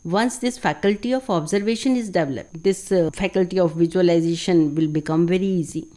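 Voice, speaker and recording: A woman in her fifties speaks English with an Indian accent, her voice a touch low and mellow in tone. She answers in a measured, explanatory way, like a teacher laying out a lesson for radio listeners. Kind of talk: radio interview.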